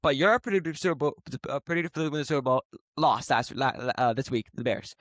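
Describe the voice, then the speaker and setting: A young man co-hosting a casual sports debate. He talks fast, repeats himself, and talks over his friend to tease him. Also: medium pitch, a bit bright, no echo, clean studio sound. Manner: fast, repetitive, talks over the other, teasing. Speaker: podcast co-host.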